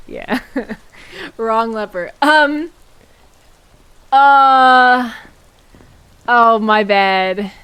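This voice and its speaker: A woman streaming a game, chatting casually and playfully, mocking herself and exclaiming loudly when startled. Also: on the high side, drawn-out words, long pauses, clean tone, no echo. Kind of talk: casual gameplay commentary.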